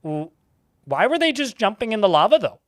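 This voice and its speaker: A man's voice: high voice, very animated, fairly quick, fairly bright tone, no echo, clean studio sound. A man giving casual, chatty commentary while playing a game, laughing often and swearing offhand.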